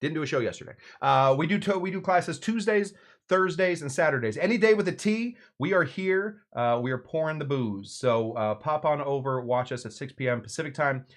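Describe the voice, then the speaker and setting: A man's voice: fairly high pitch, fairly quick. A man hosting a live cocktail show in a casual, rambling way, full of fillers and restarts, poking fun at himself. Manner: rambling, self-mocking, with frequent fillers and restarts. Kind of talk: casual live-stream chat.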